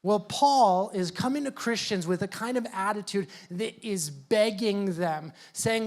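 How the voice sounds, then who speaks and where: A youth pastor preaching to young people in a casual, joking, conversational way. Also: male voice, sits high, a little slow, few pauses. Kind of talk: youth sermon.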